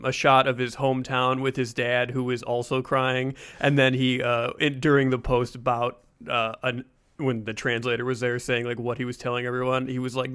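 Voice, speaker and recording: A man's voice: medium pitch, a bit bright, clear, resonant tone. A man co-hosting a podcast, recounting events in an easygoing, rambling way with lots of fillers. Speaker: podcast co-host. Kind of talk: casual podcast chat.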